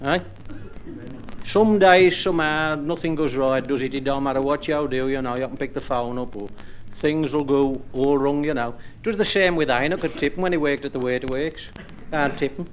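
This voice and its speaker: A man's voice: mid-range voice, a little hiss or hum. A man with a Black Country accent doing stand-up jokes and rhyming monologues in dry, broad dialect to a live audience. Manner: dry storytelling in broad dialect, slows for rhymed verses. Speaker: stand-up comedian and monologue performer. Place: live club or pub stage with audience.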